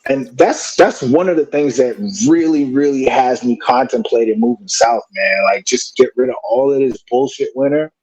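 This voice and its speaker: A man co-hosting a podcast, talking in relaxed casual chat and chuckling between remarks. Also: medium pitch, moderate pace, hardly any pauses, slightly rough, low-quality recording. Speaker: podcast co-host.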